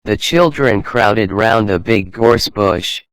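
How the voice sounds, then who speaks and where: A man narrating a children's adventure storybook in a slow, even reading manner. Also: fairly low pitch, no room sound, low-quality recording.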